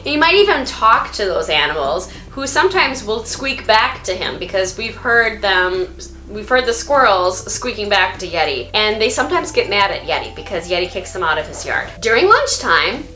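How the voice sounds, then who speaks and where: A woman's voice: medium pitch, sing-song, moderate pace, bright, forceful tone, a little hiss or hum. A woman hosting a casual vlog from home, chatting upbeat about her dog. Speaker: vlog host and dog owner. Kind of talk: casual vlog narration to camera. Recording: echoey room, faint music.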